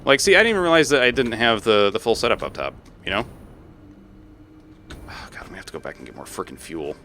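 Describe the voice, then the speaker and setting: A man streaming a factory-building game, chatting with viewers in an animated way and breaking into exasperated, swearing outbursts. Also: lowish voice, fast talker, a little hiss or hum. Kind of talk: live gameplay commentary.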